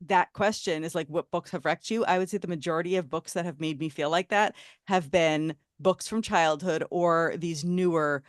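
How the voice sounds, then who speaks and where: A woman in her forties co-hosting a chat podcast, with a slightly low voice. She gushes and chats freely, and the sound is dry and close. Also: steady tone, moderate pace, no echo. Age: 40s. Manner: effusive, chatty, gushing. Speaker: podcast co-host. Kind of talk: casual interview chat.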